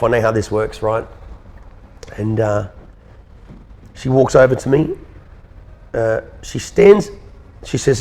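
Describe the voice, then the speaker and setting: Medium-pitched, creaky and a bit dark in tone, a man from Australia in his thirties shares his own story during an interview. His telling is heartfelt yet hesitant, with frequent repeated words.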